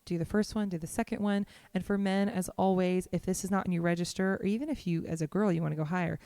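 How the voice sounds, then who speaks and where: A woman vocal coach giving a lesson, explaining a warm-up exercise to home learners in a relaxed, encouraging way. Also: on the low side, fast talker, no room sound. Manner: counts in and sings warm-up syllables up and down the scale. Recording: piano accompaniment behind the voice.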